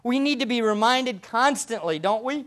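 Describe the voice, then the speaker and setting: A man preaching a sermon as pastor, earnest and slowing down to stress quoted verses, often asking the listeners rhetorical questions. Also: very high voice, animated, fairly bright tone. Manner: asks the congregation rhetorical questions.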